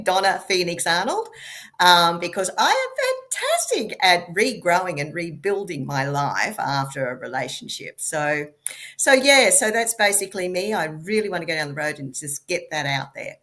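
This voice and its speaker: A woman guest sharing her personal story candidly, in halting speech full of pauses and fillers. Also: fairly low pitch, a bit bright. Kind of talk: personal testimony in an interview.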